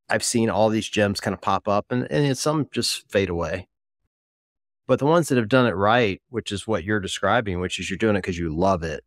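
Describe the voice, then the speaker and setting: A man's voice: low-pitched, no echo, studio quality. A man hosting an interview podcast in a casual, joking, chatty way. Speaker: podcast host.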